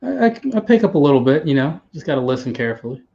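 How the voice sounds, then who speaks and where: Hosting a laid-back livestream, this American man rambles easily, pausing hesitantly and starting over. He talks rapid-fire in a mellow, mid-range voice with big pitch swings. Audio is dull and lo-fi.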